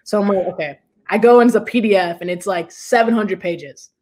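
A woman's voice: mid-range voice, a little fast, a little mellow. A young woman, a basketball player, telling a story as an interview guest in a rambling, casual way, full of "like" and "you know".

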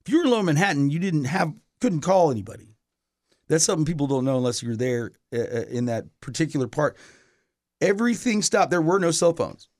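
A man's voice: a little high, lively intonation, brisk, a little mellow, dry recording, studio quality. A middle-aged man, a touring musician, telling a long story in casual chat, rambling with lots of fillers and restarts.

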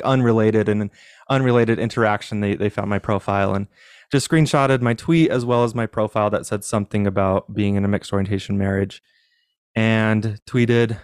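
Low-voiced young male guest, smooth clean tone, dry close sound, candid and reflective. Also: no room sound. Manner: candid, self-deprecating, reflective. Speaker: podcast guest. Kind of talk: personal storytelling in interview.

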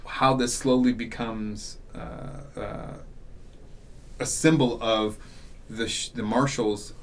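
A man's voice: mid-range voice, fairly even intonation, takes it slowly, a little hiss or hum. A man in casual podcast conversation, telling stories animatedly, acting out quotes and using many fillers. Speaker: podcast guest, audio drama author.

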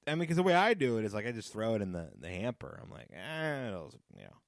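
A man in his thirties talks alone on his podcast in a low voice that swings widely, leaping high and loud when he gets excited. He rambles and reminisces in a casual, nostalgic way. The recording is dry and close, with no room sound. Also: racing, dry recording. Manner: rambling, nostalgic, with sudden high-pitched outbursts. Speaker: podcast host. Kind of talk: casual solo podcast monologue.

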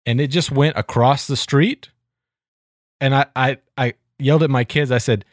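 A man's voice: mid-range voice, fairly even intonation, no echo, studio quality. Chatty man on a podcast. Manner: chatty, quick to laugh. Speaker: podcast co-host. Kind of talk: casual chat.

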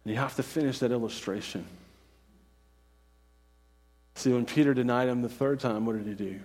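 A man's voice: mid-range voice, quick pace, darkish tone, big-room sound. A man preaching a sermon as pastor, earnest and insistent, often asking "right?" and repeating phrases.

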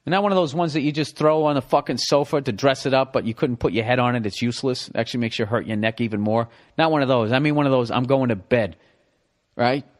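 Profane Boston man rambling. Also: on the high side. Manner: profane, animated storyteller. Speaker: podcast host. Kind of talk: rambling comedic monologue.

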